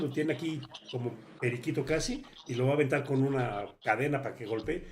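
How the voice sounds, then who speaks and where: A male host with a mid-range, slightly mellow voice retells a guest's story rapidly and casually, rambling with fillers before handing over the question. There's slight background noise.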